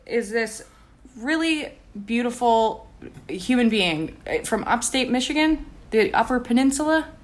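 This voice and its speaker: A woman's voice: a little high, expressive, unhurried. A Canadian woman co-hosting a casual chat, blunt and enthusiastic, swearing freely. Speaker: podcast co-host.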